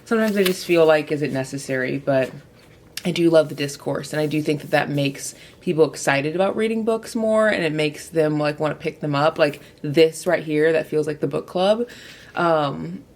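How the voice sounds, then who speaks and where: A woman's voice: low voice, moderate pace, echoey room. A young woman chatting casually to camera about books, rambling and filler-heavy. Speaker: book vlogger.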